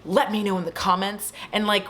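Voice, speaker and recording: A woman's voice: mid-range voice, a little fast. A woman vlogger at home, retelling a horror movie in a casual, profane way with chatty asides to her viewers. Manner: animated, swears freely, chatty asides to viewers.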